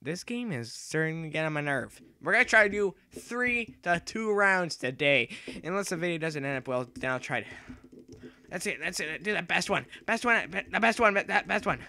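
A young man commentating his own gameplay, excitable and rambling, yelling and repeating himself as he plays. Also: on the high side, moderate pace, gravelly, slight background noise. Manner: excitable, yells and shrieks when playing. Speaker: gaming YouTuber.

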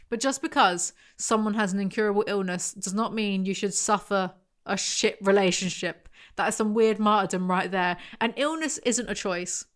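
A woman reviewing a novel out loud, reading passages and breaking in with sardonic, casually sweary commentary. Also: mid-range voice. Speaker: book reviewer. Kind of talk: reading aloud with mocking commentary.

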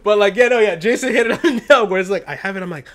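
A man's voice: high-pitched, racing, a crowd in the background. A man co-hosting a podcast, telling stories in a casual chat with stammering restarts and laughter. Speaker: podcast co-host.

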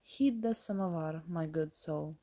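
A woman voicing a gruff, bossy steward, slow and mellow, storybook reading. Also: low-pitched. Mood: stern. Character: stern male estate steward, middle-aged, blunt and scheming.

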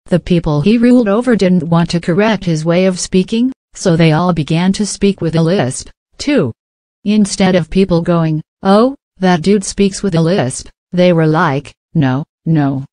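A woman reading a news article aloud in a steady, even delivery. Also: fairly low pitch, dry recording. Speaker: news reader.

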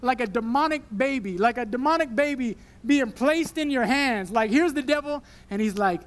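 High-voiced young man preaching. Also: moderate pace, a little hiss or hum. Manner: animated, emotional preaching that drops to a soft prayer. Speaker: pastor. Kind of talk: sermon. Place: church worship service.

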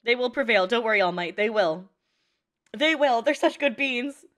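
A woman reacting to an anime movie in casual, excitable commentary, swearing and laughing often. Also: on the high side, moderate pace.

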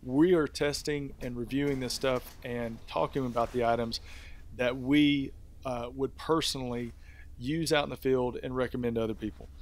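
A man's voice: mid-range voice, steady tone, normal speed. Easygoing man co-hosting a gear podcast. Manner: easygoing, rambling with many fillers. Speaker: podcast co-host. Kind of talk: casual review chat.

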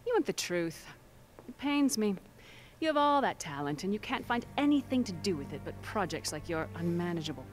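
A condescending, scheming woman from a video game cutscene, voiced by an actress, delivering taunts at a mid pitch. A faint score plays underneath her. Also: close to an everyday voice. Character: cold, scheming woman villain's ally.

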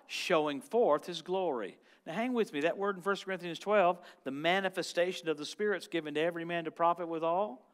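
A man preaching as a guest minister, telling stories and quoting scripture, swinging from loud shouts to quiet asides. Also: fairly high pitch. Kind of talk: lively sermon with stories.

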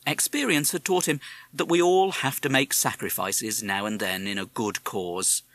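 A man narrating a children's storybook in a measured, expressive way. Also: mid-range voice, no echo. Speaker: audiobook narrator.

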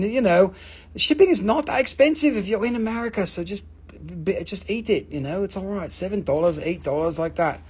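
Man, high pitch, husky, live auction host, joking, swearing. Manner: joking, swearing, calling out bidders. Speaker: live-stream mineral seller. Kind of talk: casual live auction chat.

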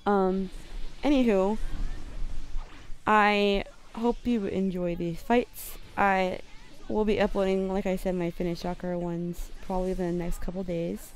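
A woman's voice: medium pitch, flat delivery, unhurried. A young woman from the United States, using a put-on London accent in rambling, self-deprecating gameplay commentary from her bedroom. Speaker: gamer.

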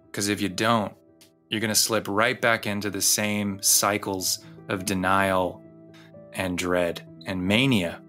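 A man hosting a podcast, narrating a personal story in an intimate, confessional way and slowing down on key phrases. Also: lowish voice, bright, forceful tone. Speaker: podcast host. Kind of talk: personal narration over music.

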